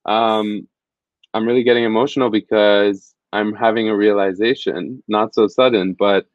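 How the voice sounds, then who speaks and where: A man's voice: lowish voice, steady tone, normal speed, no room sound, highs cut off. A man, a field reporter, telling stories in an interview in an earnest, reflective, rambling way. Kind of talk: conversational interview storytelling.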